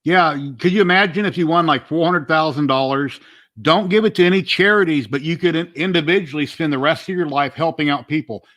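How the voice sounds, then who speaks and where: A man's voice: a little high, fairly quick, a bit bright. A man hosting a casual livestream chat, plain-spoken and opinionated. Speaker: livestream host.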